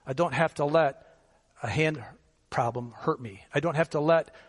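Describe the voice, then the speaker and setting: A man's voice: fairly high pitch, normal speed. Man preaching in a reverberant sanctuary. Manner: conversational preaching with rhetorical questions. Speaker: pastor. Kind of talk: sermon.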